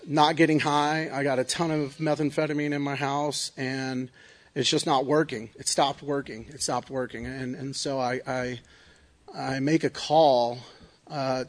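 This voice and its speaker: A man giving a personal recovery testimony in an earnest, confessional way, often checking in with "right?". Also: medium pitch. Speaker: recovery speaker.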